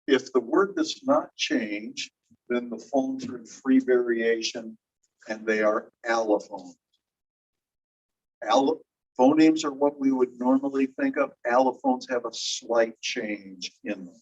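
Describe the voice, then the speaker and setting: A male teacher giving a recorded lecture, patiently explaining and slowly repeating example words. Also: mid-range voice, expressive, gravelly, slightly rough. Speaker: linguistics teacher. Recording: distant, dull lecture recording.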